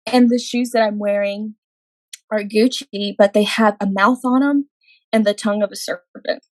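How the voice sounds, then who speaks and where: A woman's voice: medium pitch, fairly even intonation, moderate pace, a little mellow, no room sound, low-quality recording. A young adult woman, a podcast guest, telling a personal faith testimony in an earnest way, acting out her own quoted words.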